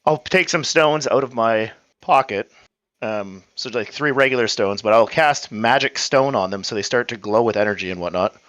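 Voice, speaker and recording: A man playing a tabletop game, describing his character's actions in a relaxed, laid-back way. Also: medium pitch, moderate pace, no room sound. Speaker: player. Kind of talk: casual tabletop play.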